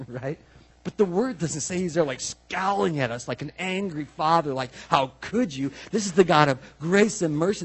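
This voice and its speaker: A man preaching a sermon as pastor, animated and conversational, with many asides and repeated phrases. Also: on the high side, breathy edge.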